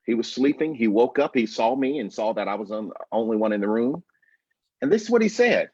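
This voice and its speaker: A man in his fifties, a guest on a call-in show, recounting his life in a slow, reflective, emphatic way. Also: mid-range voice, lively intonation, mellow, breathy edge, no room sound, muffled recording. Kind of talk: personal storytelling interview. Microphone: video call.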